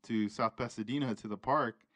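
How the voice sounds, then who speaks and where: A man hosting a podcast, talking in a relaxed, slangy way with plenty of fillers. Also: mid-range voice, moderate pace, no echo. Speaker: podcast host. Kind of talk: casual chat.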